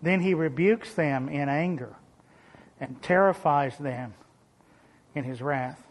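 A pastor preaching a sermon, with sudden emphatic rises and dry sarcastic asides. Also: male voice, a little high, slow.

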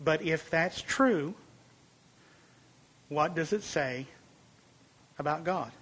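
A man's voice: takes it slowly, fairly bright tone. A man preaching a sermon in an earnest, emphatic way. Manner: earnest, emphatic, rises in pitch and volume for illustrations.

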